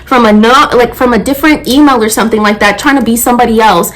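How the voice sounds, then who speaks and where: A woman in her twenties, a nail technician, telling a story in a blunt, profane, animated rant. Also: a little high, quick pace, few pauses, low-quality recording. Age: 20s.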